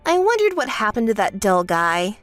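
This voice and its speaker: A woman's voice: very animated, normal speed, fairly bright tone, dry recording, faint music behind. A woman voicing a spoiled, self-centered young bride who bosses her sister around, in a texting-story voice-over. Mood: smug. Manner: whiny, bossy, shrill when angry.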